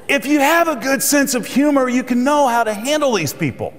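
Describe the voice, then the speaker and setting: A man's voice: extremely high pitch, sing-song, fairly quick, hardly any pauses, slight background noise. A middle-aged man giving a humorous motivational keynote speech, telling jokes and stories to a conference audience. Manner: storytelling, joking. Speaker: keynote speaker. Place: conference hall. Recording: reverberant hall.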